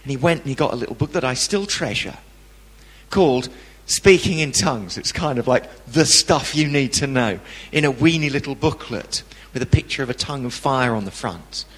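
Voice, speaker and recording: Lively man telling a story in a hall. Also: mid-range voice, moderate pace, husky. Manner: lively storytelling, acting out quoted people. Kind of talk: personal testimony sermon.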